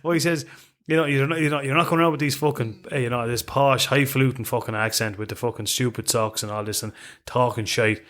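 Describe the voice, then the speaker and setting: An Irish man co-hosting a podcast in plain, blunt casual chat. He swears freely and laughs easily. His voice sits at an ordinary middle pitch. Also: fairly even intonation, fast talker, hardly any pauses, fairly bright tone. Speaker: podcast co-host.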